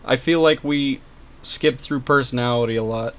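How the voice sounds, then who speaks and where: A man's voice: mid-range voice, moderate pace, fairly bright tone, clear, resonant tone. A man co-hosting a casual gaming podcast, chatting and laughing, swearing freely and mimicking game characters. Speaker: podcast co-host.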